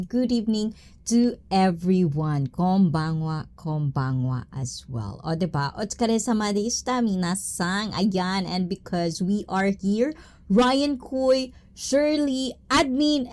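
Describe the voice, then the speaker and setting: A woman's voice: mid-range voice, a little mellow. A woman hosting a casual livestream, greeting viewers one by one in a bubbly, playful way, mixing English with Tagalog and Japanese phrases. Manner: giggly, with frequent catchphrases. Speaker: livestream host.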